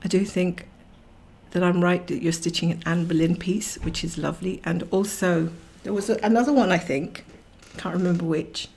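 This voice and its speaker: Low, gravelly-voiced woman streaming. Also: fairly even intonation, normal speed, a little mellow. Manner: rambling, chatty, laughs often. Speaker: cross-stitch livestream host. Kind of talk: casual chat while stitching, reading viewer comments.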